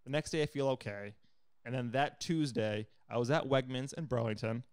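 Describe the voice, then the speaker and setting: A man's voice: mid-range voice, normal speed, smooth, no room sound, clean studio sound. A young man co-hosting a podcast, telling a story in casual chat, swearing often and acting out what people said. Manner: profane, animated storyteller acting out quotes. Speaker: podcast co-host.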